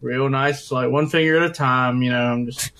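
A man's voice: medium pitch, fairly even intonation, moderate pace, fairly bright tone, a little hiss or hum. A man playing a tabletop game, talking in an offhand, playful way. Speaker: player. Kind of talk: casual tabletop play.

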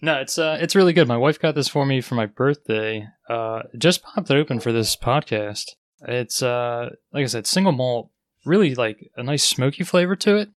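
A man's voice: medium pitch, normal speed, no room sound. A man co-hosting a casual podcast, rambling and laughing easily. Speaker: podcast co-host.

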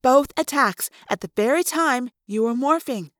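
A woman reading an audiobook, voicing a sharp, thoughtful teenage girl who fires off quick, eager questions. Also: high-pitched, no echo, studio quality, voice pushed up. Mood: excited. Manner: quick questioning bursts, rising in excitement.

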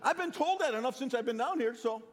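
In a very high-pitched, fast delivery, a man in his sixties with a Northeastern US accent preaches as a pastor. His sermon runs on animated, self-effacing stories and repeated restarts.

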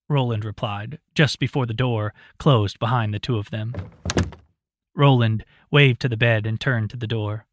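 Calm male audiobook narrator. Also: mid-range voice, normal speed, a little hiss or hum.

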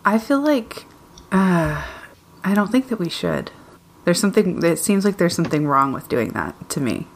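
A woman playing a tabletop game, her voice on the low side for a woman. She talks hesitantly, stumbling and repeating herself. A faint ambient noise sits behind her. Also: sing-song, moderate pace, creaky. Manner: hesitant, stammering. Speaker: player.

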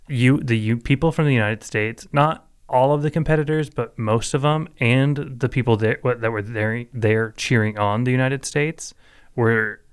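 A man rambling through a story in a casual podcast chat, swearing and mocking as he goes. His voice sits at an ordinary middle pitch. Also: normal speed, smooth.

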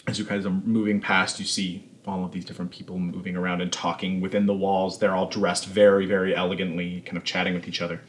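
A man's voice: deep voice, flat delivery, fast, hardly any pauses. A man narrating as game master in a tabletop game, casual and full of fillers.

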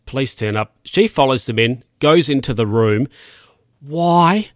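A man's voice: mid-range voice, moderate pace, dry recording, studio quality. A man casually recapping a film scene by scene, rambling and correcting himself with plenty of fillers.

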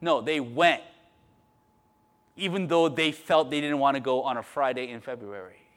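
A middle-aged male pastor giving a sermon in a conversational way, tagging lines with "right?" and swinging from quiet asides to loud, emphatic bursts. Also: medium pitch, moderate pace.

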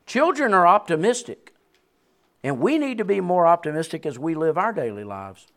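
A man in his sixties preaching a sermon, swinging between loud peaks and quiet drops and chuckling between points. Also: a little high, normal speed, slight background noise. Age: 60s. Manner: animated preaching with sudden rises and drops. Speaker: pastor.

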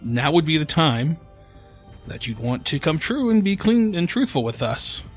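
A man's voice: a little high, big pitch swings, moderate pace, husky, soft background music, pitched above the performer's own voice. A man voicing a stern, controlling woman who presses others with pointed questions.

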